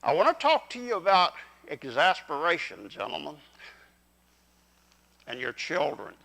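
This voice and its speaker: An older man preaching a folksy, animated sermon in church. His voice sits fairly high and swings up and down a lot. It has a gravelly edge and a bright, forceful ring. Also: measured pace, poor audio. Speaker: pastor. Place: church sanctuary.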